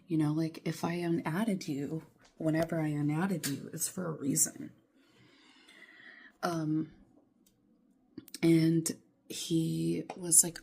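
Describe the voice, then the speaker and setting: A woman's voice: low-pitched, flat delivery, slow pace, vocal fry, pauses often, warm tone, husky. A young woman vlogging from her bedroom, ranting in an exasperated way, swearing a lot and filling her talk with "like". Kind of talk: casual ranting vlog.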